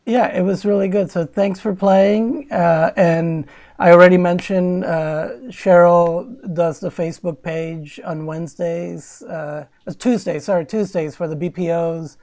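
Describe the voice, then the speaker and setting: A woman's voice: fairly low pitch, steady tone, measured pace, mellow. A woman hosting an online concert from home, chatting casually and rambling, often correcting herself mid-sentence. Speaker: concert series host. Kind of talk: casual livestream chat.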